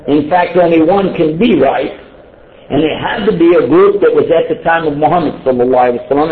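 A man giving an informal sermon, joking and putting questions to his listeners. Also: on the high side. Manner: conversational and joking, asks the audience questions. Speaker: Muslim preacher. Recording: tinny phone-like sound with faint noise.

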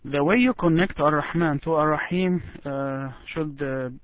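A man coaching recitation over a tinny, phone-like line, voice slightly high and very dry. He speaks slowly and patiently, stretching out each word he demonstrates. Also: no echo. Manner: patient, slow, demonstrates words drawn out. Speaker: Quran recitation teacher. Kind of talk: one-on-one recitation lesson.

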